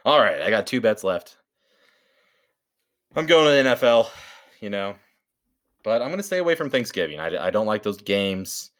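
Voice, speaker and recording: A man co-hosting a podcast, brashly pitching sports bets in casual, swearing chat. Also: very animated, normal speed, long pauses, a bit bright. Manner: brash, swearing, calls his co-host baby. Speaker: podcast co-host.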